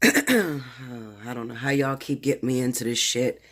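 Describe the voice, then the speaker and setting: A man's voice: medium pitch, animated, unhurried, a bit bright. A man working as a tarot reader, talking casually to his viewers at home late at night, nervous and rambling, stammering and swearing freely in slang. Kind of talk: casual direct-to-camera talk.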